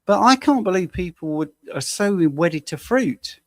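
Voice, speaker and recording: A man in his sixties, a health coach, telling client stories in a relaxed, measured way during a casual chat. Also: sits high. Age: 60s. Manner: anecdotal, measured storytelling.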